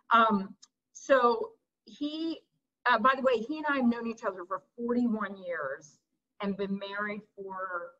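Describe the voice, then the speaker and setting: A visiting artist lecturer in middle age gives a relaxed, candid art lecture over a video call, laughing at her own stories. Her voice is fairly high, bright, and forceful, and the recording is muffled.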